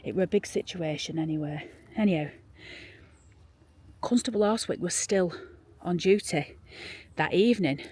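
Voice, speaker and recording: A woman's voice: on the low side, normal speed, pauses often, husky. Chatty Yorkshire woman in a graveyard. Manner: chatty and rambling, drops to a hushed whisper when showing graves. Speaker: vlogger and graveyard guide. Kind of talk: casual storytelling walk-through. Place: outdoors in a churchyard.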